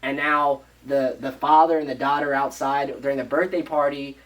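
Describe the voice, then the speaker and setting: A man on a podcast casually retelling a movie plot, rambling and animated, acting out the characters' lines and swearing freely. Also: mid-range voice, normal speed, far from the mic, rough recording. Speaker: podcast co-host.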